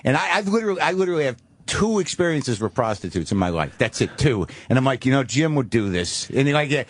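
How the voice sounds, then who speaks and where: A man's voice: medium pitch, very animated, fast talker. A middle-aged man who is a guest comedian, telling a rambling, self-deprecating story in a radio studio, full of restarts. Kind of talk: casual storytelling. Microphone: studio microphone.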